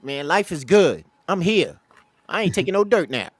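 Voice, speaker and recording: A man co-hosting a live comedy chat, brassy and joking, with loud greetings. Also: fairly high pitch, very animated, normal speed, breathy edge, no echo. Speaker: co-host.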